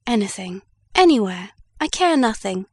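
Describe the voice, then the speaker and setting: Brief: a woman reading a keen young reporter asking for danger, earnest, mid-pitched, dry. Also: very animated, normal speed, darkish tone, no room sound. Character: eager young male reporter.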